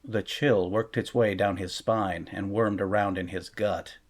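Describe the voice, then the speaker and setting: A man's voice: low-pitched, steady tone, measured pace. Man reading a fantasy audiobook. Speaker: audiobook narrator. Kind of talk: scripted fantasy audiobook narration.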